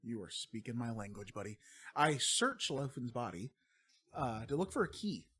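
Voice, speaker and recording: A man in a tabletop game talks through his moves in a casual, chatty way. His voice sits at a middle pitch. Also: very animated, moderate pace, fairly bright tone, husky. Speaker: player.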